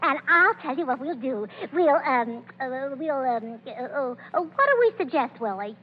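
A woman's voice: high-pitched, lively intonation, moderate pace, muffled recording, a little hiss or hum. An actress playing a flighty, chattering young woman who gushes and stammers, in 1930s radio acting, on an old radio broadcast. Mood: scatterbrained. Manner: breathless, gushing, stammering.

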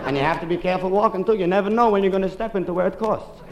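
Brisk man telling a stand-up joke. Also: high-pitched, noisy background. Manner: brisk storytelling with deadpan asides. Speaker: stand-up comedian. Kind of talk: stand-up comedy monologue.

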